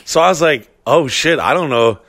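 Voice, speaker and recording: A man's voice: on the high side, normal speed, dry recording. Profane storytelling man, dry close sound. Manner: profane, animated storytelling with acted-out quotes. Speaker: podcast co-host. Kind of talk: casual storytelling chat.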